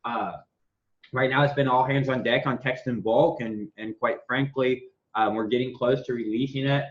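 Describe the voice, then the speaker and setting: A man's voice: medium pitch, normal speed, lo-fi sound. A man hosting a members' business call, rambling and swearing freely while telling stories and giving product updates. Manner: profane, rambling, animated storytelling. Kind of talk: casual business call, storytelling.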